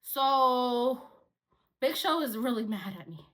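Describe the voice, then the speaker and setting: A woman vlogger telling a work story in casual chat, animated and swearing freely as she acts out the dialogue. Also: high-pitched, takes it slowly.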